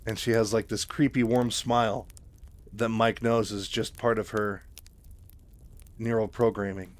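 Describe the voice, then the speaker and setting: A man's voice: fairly low pitch, little pitch movement, unhurried. A man casually retelling a novel, rambling with many fillers and asides.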